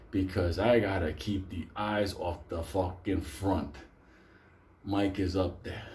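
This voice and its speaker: A man spins a rambling comic tale for a live audience. He swears constantly and laughs between lines. His voice has a dark, mellow tone at an ordinary middle pitch for a man. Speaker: storyteller. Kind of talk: live comedic storytelling to an audience.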